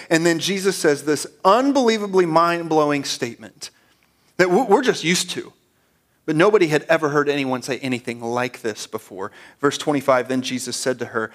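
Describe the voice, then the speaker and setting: A man's voice: fairly high pitch, normal speed. A male pastor giving an earnest, conversational sermon, often stammering and repeating his words.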